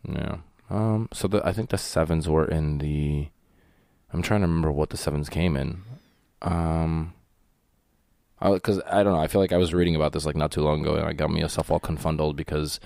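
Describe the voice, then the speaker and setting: A man's voice: very deep voice, fairly even intonation, brisk, creaky, mellow, dry recording, clean studio sound. A man co-hosting a podcast, laid-back and casually swearing, stumbling through restarts. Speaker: podcast co-host. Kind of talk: casual chat.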